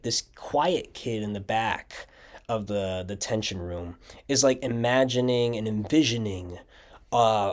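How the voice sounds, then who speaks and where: A young man talking through his own video projects in casual audio commentary, rambling with lots of fillers and restarts. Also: medium pitch. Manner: rambling, filler-heavy storytelling with frequent "like" and restarts. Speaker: channel creator giving audio commentary.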